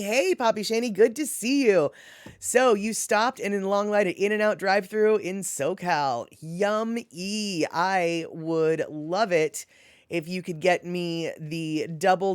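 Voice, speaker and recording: Reading her chat aloud, a talkative livestream host from Washington state rambles casually, laughing often and filling gaps with lots of fillers. Her animated voice swoops high and low, and the sound is dry without any room echo.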